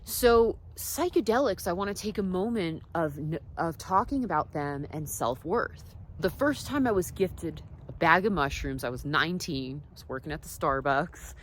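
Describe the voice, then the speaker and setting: A woman telling personal stories in a casual, reflective vlog. She drifts between soft asides and emphatic points. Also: fairly low pitch, lively intonation, normal speed, few pauses, a little hiss or hum. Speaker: wellness vlogger.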